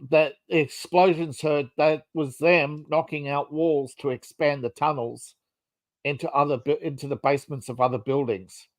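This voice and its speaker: A man's voice: fairly high pitch, fairly bright tone, no echo. A man co-hosting a casual podcast, rambling through a theory with many fillers and restarts. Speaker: podcast co-host.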